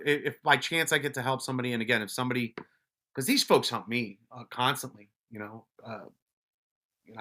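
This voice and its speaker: Bright-voiced, blunt, swearing man. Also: mid-range voice. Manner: blunt, swears freely, frequent restarts. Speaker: podcast guest, police officer and wellness advocate. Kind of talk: casual storytelling.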